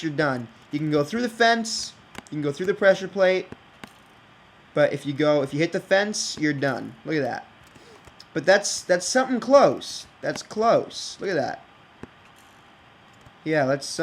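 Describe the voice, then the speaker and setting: A man thinking out loud while building in a block game, rambling and hesitant, with many fillers and restarts. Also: a little high, a little hiss or hum, low-quality recording. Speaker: game video creator. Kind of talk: casual think-aloud game commentary.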